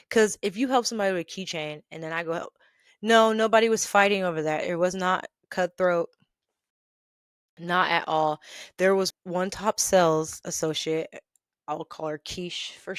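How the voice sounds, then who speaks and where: A woman podcast host casually telling stories about an old retail job, chatty and animated, often laughing. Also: on the low side, no room sound, clean studio sound. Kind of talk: casual storytelling rant.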